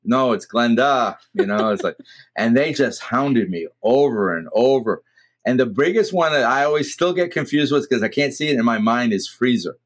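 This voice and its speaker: A man's voice: medium pitch, lively intonation, moderate pace. A middle-aged man with a Boston accent, hosting a podcast and telling rambling stories with many restarts. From Massachusetts. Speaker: podcast host. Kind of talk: casual chat.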